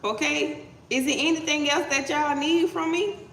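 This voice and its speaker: A woman's voice: high-pitched, normal speed, background noise. A woman giving a casual live tarot reading, talking bluntly with some swearing and tagging her points with "okay?". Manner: blunt, profane, punctuates with "okay?". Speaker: tarot reader. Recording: roomy echo, voice distant from mic.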